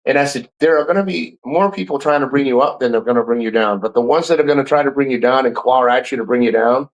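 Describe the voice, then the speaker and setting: A man's voice: mid-range voice, fast, highs cut off. A man in his fifties chatting casually on a live stream, rambling and swearing freely, often repeating words and restarting sentences. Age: 50s.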